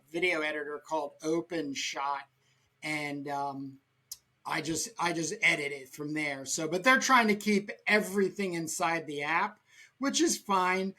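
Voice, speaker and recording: Bright-voiced man hosting a podcast. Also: a little high. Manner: rambling, quick, many restarts. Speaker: podcast host. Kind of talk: casual chat.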